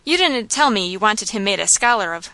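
A woman voicing a rough, insolent male saloon keeper who talks in a coarse, sly, slangy way. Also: medium pitch, expressive, a little fast, sharp tone, no echo.

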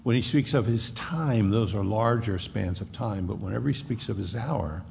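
A man with a lowish, gravelly voice gives an expository sermon in an animated, emphatic style, repeating phrases to hammer his points home. He speaks at normal speed, with a long hall reverb trailing each word and slight background noise.

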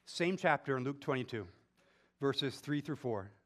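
A man's voice: mid-range voice, unhurried. A male pastor preaching a sermon, talking conversationally with questions to the congregation and building to emphatic peaks. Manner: animated, rising to emphatic peaks when stressing a point.

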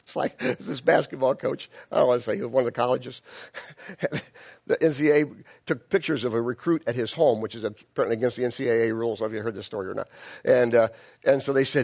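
A man's voice: mid-range voice, steady tone, fast, creaky, a little mellow. A male pastor preaching in a conversational way, with frequent restarts and asides to the congregation. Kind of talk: sermon.

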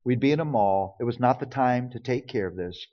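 A man's voice: mid-range voice, fairly quick. Man, sermon-style storyteller, earnest, a bit muffled recording. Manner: earnest storytelling, acts out quoted dialogue. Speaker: pastor speaking on parenting. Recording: dull lo-fi recording.

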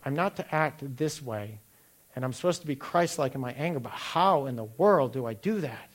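A man's voice: mid-range voice, lively intonation, moderate pace. A middle-aged man giving a sermon, asking the listeners direct questions and telling personal stories. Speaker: pastor.

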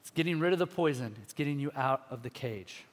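A man preaching a sermon, telling a personal story in an animated, self-deprecating way. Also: mid-range voice, fast, big-room sound. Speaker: pastor.

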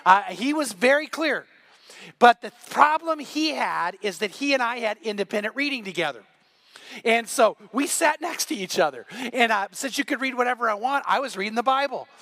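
A man's voice: very high-pitched, expressive, normal speed, bright, forceful tone, no room sound. A middle-aged man preaching a sermon as pastor, telling stories and acting out the voices in them. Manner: storytelling, acts out quoted voices.

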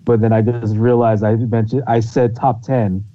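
A man's voice: medium pitch, level tone, normal speed, mellow. A man chatting on a casual podcast, giving short agreeing replies and mocking himself, recorded with dull lo-fi sound. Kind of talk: casual chat.

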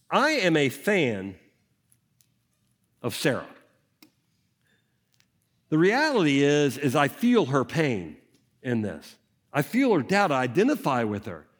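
A man with a fairly high-pitched voice preaches a conversational sermon, animated and full of rhetorical questions.

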